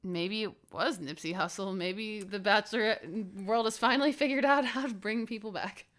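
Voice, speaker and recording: A woman's voice: medium pitch, normal speed, fairly bright tone. A woman co-hosting a podcast, chatting casually, teasing her co-host and laughing often. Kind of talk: casual chat.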